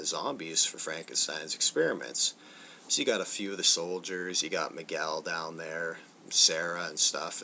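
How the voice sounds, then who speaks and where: A man's voice: low voice, bright, forceful tone, slight background noise. A man hosting a casual spoken film review, loose and profane, acting out bits of movie dialogue as he goes. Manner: loose and profane, acts out film lines in snippets. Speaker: movie reviewer, channel host.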